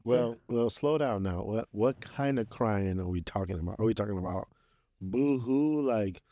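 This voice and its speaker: Male co-host, teasing questioner, lowish pitch, warm tone. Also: normal speed. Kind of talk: casual chat.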